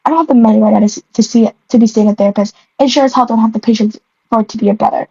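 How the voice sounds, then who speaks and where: Speaking very fast in a warm, fairly high, slightly rough voice with a steady tone, a young woman rereads an old story she wrote. She stumbles, stops to make fun of her own prose, and keeps breaking into giggles. The recording sounds dull, lo-fi, and dry.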